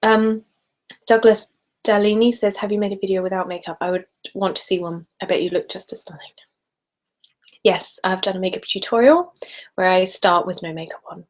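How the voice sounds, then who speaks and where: A chatty British woman reads viewer comments aloud on her live stream. Her pitch sits in a mid range for a woman, and her talk drifts between easy, relaxed chat and soft whispers. The stereo recorder catches it up close. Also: normal speed. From Britain. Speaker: ASMR channel host. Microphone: stereo handheld recorder.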